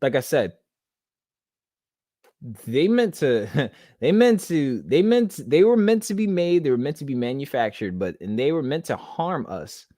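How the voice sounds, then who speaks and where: A man's voice: medium pitch, big pitch swings, measured pace, mellow, dry recording, studio quality. Rambling emotional young man podcasting. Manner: rambling, many restarts and fillers; emotional, holding back tears. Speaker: podcast host. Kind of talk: casual monologue.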